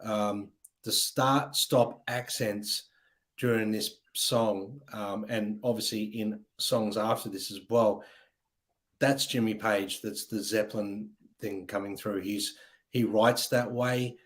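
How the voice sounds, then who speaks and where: A man's voice: fairly low pitch, fairly even intonation, slow. A man hosting a casual music chat show, talking with enthusiasm and rambling with many ums. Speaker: podcast host.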